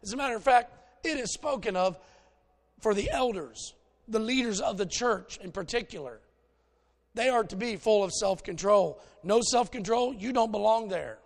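A man's voice: high-pitched, moderate pace, vocal fry. A man preaching a conversational sermon in a folksy, plainspoken way, telling stories to make his points.

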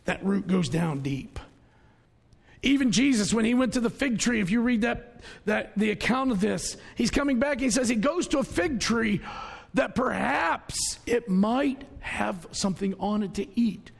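A man with a drawl preaches to his congregation in a folksy, chatty way, shouting some points and hushing others. His voice is high for a man, with a gravelly, husky edge. The sound carries the long reverb of a church hall. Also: animated, a little slow. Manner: folksy, conversational preaching with sudden loud outbursts and hushed asides. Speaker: pastor. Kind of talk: sermon.

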